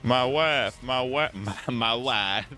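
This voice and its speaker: A man's voice: medium pitch, pushed and bright, soft background music. A man putting on the voice of a rambling, confused old male politician who stutters and restarts every phrase. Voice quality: stuttering, endless halting restarts.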